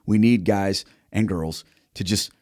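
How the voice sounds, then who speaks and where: A male host with a low voice leads a conversational interview. He is reflective and links the points his guest makes. The sound is dry and close. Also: unhurried, a little mellow, dry recording. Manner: reflective, builds on the guest's story. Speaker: podcast host.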